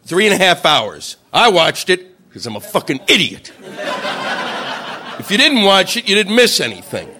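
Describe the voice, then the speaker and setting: Animated high-voiced stand-up comic. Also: male voice, moderate pace. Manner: animated, profane, big shouted impressions. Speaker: stand-up comedian. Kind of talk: stand-up routine.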